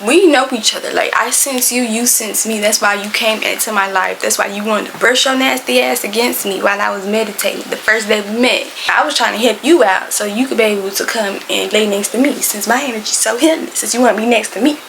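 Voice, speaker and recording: A woman telling a casual storytime, animated and dramatic, sometimes whispering. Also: mid-range voice, fairly quick, creaky, hardly any pauses, a little hiss or hum. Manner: animated, talks to the cat in quoted asides, drops to whispers. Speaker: storyteller vlogger.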